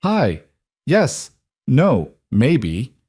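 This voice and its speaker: A man's voice: mid-range voice, wildly swooping pitch, very slow, a little mellow, breathy edge, no room sound, clean studio sound, voice pushed up, full character voice. A man voicing a hurt, fragile woman who speaks in a tight, brittle, shaky way.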